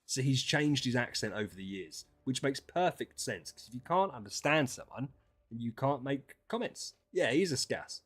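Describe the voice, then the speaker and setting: Talking loosely with his stream audience, this man rants and swears, sinking to mutters before erupting into loud outbursts. He has a mid-range, slightly rough voice that is animated and moves at a normal speed.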